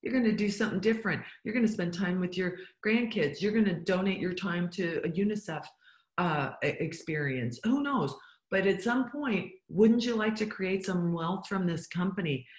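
A woman's voice: mid-range voice, moderate pace. A woman giving a motivational business talk, emphatic and full of rhetorical questions put to the listener. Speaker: business coach. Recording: echoey room.

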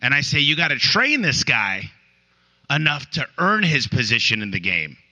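A man addresses a conference crowd from the stage. His voice is strikingly bright and forceful. He tells stories briskly and acts out both sides of the dialogue. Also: medium pitch, highs cut off. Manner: energetic storytelling with quoted dialogue. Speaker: keynote speaker. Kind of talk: conference talk. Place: conference stage before a live audience.

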